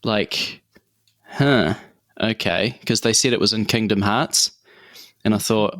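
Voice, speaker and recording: Brief: easygoing male co-host, somewhat low voice, dry close sound. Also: fairly even intonation, takes it slowly, fairly bright tone, dry recording. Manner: easygoing, brief replies and laughs. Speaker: podcast co-host. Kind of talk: casual chat.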